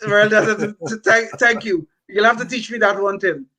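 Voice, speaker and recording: Bright, high-voiced older man, impassioned. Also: moderate pace, low-quality recording. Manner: impassioned, emphatic, repeats words while building a point. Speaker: podcast co-host. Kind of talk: opinionated political talk.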